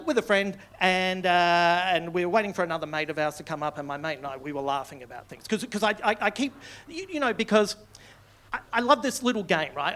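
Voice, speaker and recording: Middle-aged male stand-up, high and bright, rambling, self-amused delivery. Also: a little hiss or hum. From Australia. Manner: rambling, self-interrupting, laughs mid-line. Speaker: stand-up comedian. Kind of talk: stand-up routine. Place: small comedy club, live audience.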